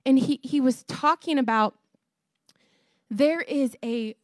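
In a slow, dry recording, a woman delivers a sermon with mounting passion, her high voice climbing almost to a shout at its peaks. She laughs often between points and addresses the congregation directly. The sound is close and dry, with no sense of a room.

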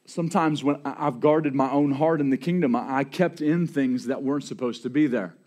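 A man's voice: mid-range voice, brisk, a little mellow. A man preaching in a loose, conversational way, telling a personal story with frequent restarts and light laughter. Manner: conversational, repeats words and restarts often, laughs along. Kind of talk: sermon storytelling.

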